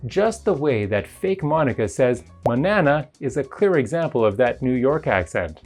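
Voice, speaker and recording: Lively, steady voice narrating an English lesson. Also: medium pitch, normal speed, faint music behind. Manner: even, explanatory reading. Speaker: English teacher.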